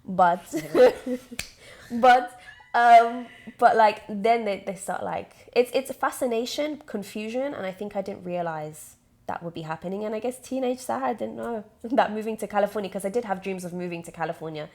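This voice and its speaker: A young woman in her twenties who sounds British, chatting on a podcast as co-host. She rambles loosely, piles on fillers and restarts mid-thought, at a middling pitch for a woman. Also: normal speed, a little mellow. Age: 20s. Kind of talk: casual chat.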